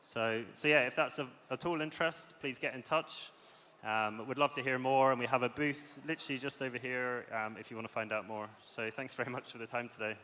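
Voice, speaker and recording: A man giving a short startup pitch on a conference stage, relaxed, with frequent "um"s. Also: fairly quick, few pauses. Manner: relaxed, filler-laden delivery. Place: large conference hall. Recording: hall reverb, faint background noise.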